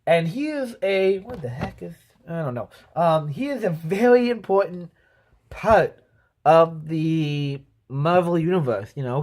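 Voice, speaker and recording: A man's voice: a little high, darkish tone. A man giving a casual movie review, rambling with lots of "um" and "you know" and acting out sound effects as he talks. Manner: voices sound effects and quotes while telling.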